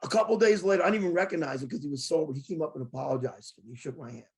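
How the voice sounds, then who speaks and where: A man hosting a sports talk show, telling a long story in a casual, excitable way and quoting arguments he had. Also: a little high, racing. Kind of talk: animated storytelling in casual chat.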